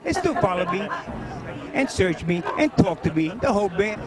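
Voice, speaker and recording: Puerto Rican stand-up comic, high and animated, chatty with loose asides. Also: male voice, moderate pace, over a noisy crowd. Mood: storytelling. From Puerto Rico. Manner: rambling, animated storytelling with many fillers. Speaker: stand-up comedian. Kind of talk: stand-up comedy set.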